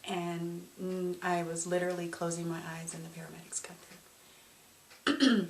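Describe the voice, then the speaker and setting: Gravelly woman giving emotional testimony. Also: lowish voice, level tone. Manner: halting, emotional, with restarts. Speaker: interviewee. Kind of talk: personal testimony. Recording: roomy, distant mic, faint noise.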